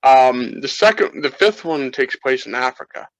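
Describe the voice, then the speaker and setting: A man's voice: mid-range voice, expressive, normal speed, no room sound, muffled recording. A man co-hosting a casual film chat, rambling with many restarts as an eager game fan. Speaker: co-host.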